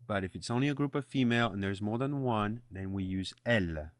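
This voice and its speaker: A man's voice: lowish voice, fairly quick, no echo, studio quality. A man teaching a French lesson, patiently explaining pronunciation and repeating phrases for the listener to copy. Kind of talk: language lesson with repeat-after-me drills.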